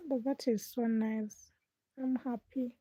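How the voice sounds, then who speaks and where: A woman's voice: fairly high pitch, fairly even intonation, takes it slowly, warm tone. A young woman chatting to her live stream viewers at night while doing chores, sometimes dropping to a whisper. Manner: chatty, talks to viewers while busy, drops to whispers at times. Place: home at night.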